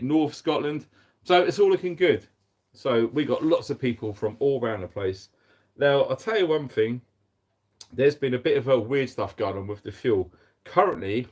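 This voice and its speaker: Upbeat male streamer, casual chat, reads out comments, mid-range voice. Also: mid-range voice. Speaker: livestream host.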